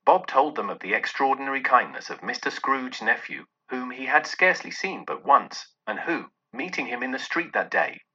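A man narrates an audiobook in a measured, expressive way. His tone is very bright and slightly husky, with lively pitch. The recording sounds dull and muffled.

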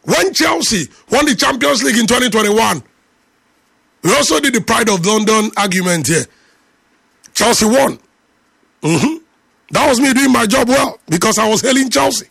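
A man hosting a call-in sports radio show, ranting at a caller in an animated, teasing way. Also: extremely high pitch, moderate pace, creaky, long pauses, husky, no room sound, studio quality. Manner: animated, teasing, preachy rant.

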